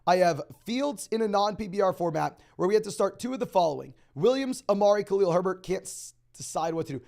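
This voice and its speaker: A young man hosting a live stream, answering viewer questions in a rapid, auctioneer-like delivery. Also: sits high, animated, gravelly, darkish tone. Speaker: fantasy football host.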